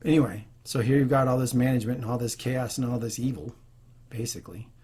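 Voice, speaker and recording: A man's voice: medium pitch, fast talker, a little mellow, breathy edge. A man hosting a leadership video, talking earnestly and unscripted, with frequent restarts. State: choked up. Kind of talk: unscripted talk to camera.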